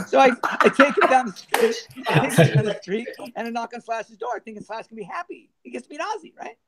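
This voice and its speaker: A middle-aged man, a former band manager, telling lively anecdotes in a casual interview and laughing as he goes. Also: very high voice, fairly quick, a crowd in the background. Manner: animated anecdotes, laughing, acting out others' voices.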